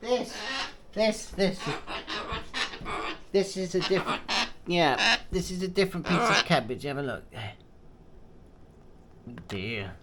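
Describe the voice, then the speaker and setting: A man's voice: high voice, expressive, slow pace, pauses often, sharp tone, a little hiss or hum. Sing-song man cooing at his bird. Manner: playful sing-song baby talk, coos and cheers at the bird. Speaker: pet owner and channel host. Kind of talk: casual vlog talk to his pet cockatoo.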